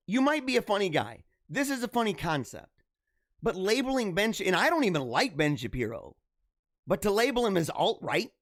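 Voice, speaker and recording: Young male host, lively casual reaction commentary; swoops up and down in pitch, laughs a lot, repeats himself.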